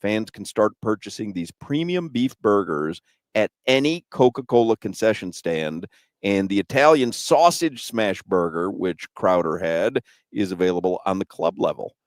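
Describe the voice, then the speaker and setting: A man hosts a sports talk radio show live from an arena suite. His voice sits on the low side and is recorded close and dry. He teases his co-hosts in an easygoing way and slips smoothly into sponsor reads. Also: lively intonation, normal speed, dry recording.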